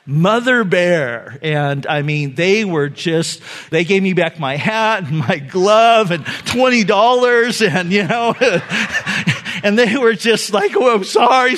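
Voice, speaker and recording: A middle-aged pastor giving a sermon, telling a family story in a loose, conversational way with fillers and laughs. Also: male voice, high voice, a bit bright. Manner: conversational, many fillers, laughs at own stories.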